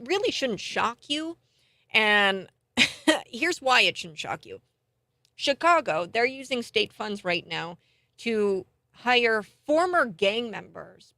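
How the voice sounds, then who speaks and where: A woman's voice: a little high, no echo. Lady radio host ranting, fired up and scornful, dry close mic. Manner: animated, indignant, laughs scornfully. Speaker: radio talk show host. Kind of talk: heated political talk radio monologue.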